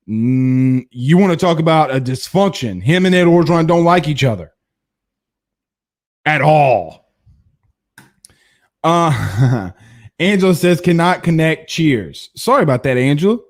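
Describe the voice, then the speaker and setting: A man hosting a live-stream sports talk show, reading viewer comments and giving blunt opinions. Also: on the high side. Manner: blunt and opinionated, with frequent restarts and laughs.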